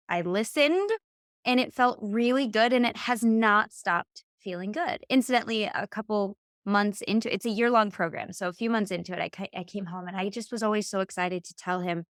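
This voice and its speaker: Animated woman telling a story. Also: mid-range voice, moderate pace, no room sound, studio quality. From Michigan. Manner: animated, acts out quoted dialogue. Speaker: podcast guest, hypnotherapist. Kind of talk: casual storytelling.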